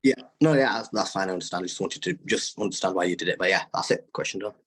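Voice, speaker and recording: A man's voice: sits low, fast talker, a bit bright, breathy edge. Easygoing northern English man. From northern England. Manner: easygoing, hesitant, stammers. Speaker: caller, student trader.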